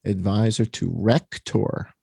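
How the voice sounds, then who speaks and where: A man's voice: fairly low pitch, fairly even intonation, slow pace, vocal fry, dark tone, slightly rough, dry recording, clean studio sound. A middle-aged American man hosting a casual talk show, sarcastic and mocking as he comments. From United States. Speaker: show host.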